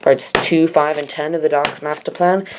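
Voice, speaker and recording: A woman's voice: low-pitched, fairly even intonation, moderate pace, background noise. A teenage girl vlogging at home, reviewing DVDs in a rambling, chatty way with asides to the camera. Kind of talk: casual vlog review.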